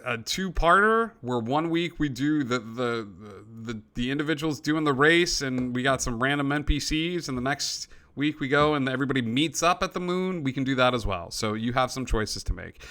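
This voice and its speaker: Acting as game master for a tabletop role-playing game, a man narrates loosely in an expressive, mid-range voice with a sharp tone. He talks at normal speed with hardly any pauses, filling his speech with frequent uh and um fillers.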